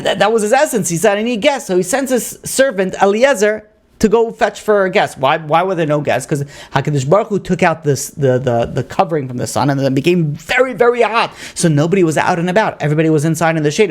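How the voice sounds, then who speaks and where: A man, a rabbi, teaching a lively Torah class, asking rhetorical questions and acting out story dialogue with Hebrew terms mixed in. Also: fairly high pitch. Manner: sprinkles Hebrew and Aramaic learning terms. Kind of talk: lively lecture.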